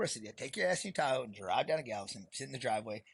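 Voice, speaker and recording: A man's voice: medium pitch, animated, very fast, creaky, breathy edge, dry recording. A middle-aged man, a podcast guest telling his story bluntly and profanely, rambling as he goes. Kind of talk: candid storytelling.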